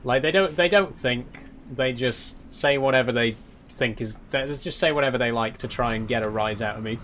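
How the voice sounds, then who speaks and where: Young South Yorkshire male streamer, casual chatty delivery, mid-pitched voice, faint noise behind. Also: moderate pace, fairly bright tone. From South Yorkshire, England. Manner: chatty, reads chat aloud, laughs often, swears. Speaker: game streamer. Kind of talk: casual live-stream chat while gaming.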